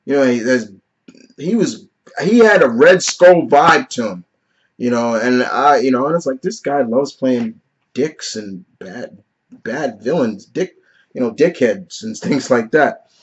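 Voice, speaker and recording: A man's voice: medium pitch, animated, a little slow, slightly rough, dull audio. A man in his thirties giving a casual vlog movie review, earnest and openly emotional, talking in loose "you know" and "like" phrasing. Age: 30s.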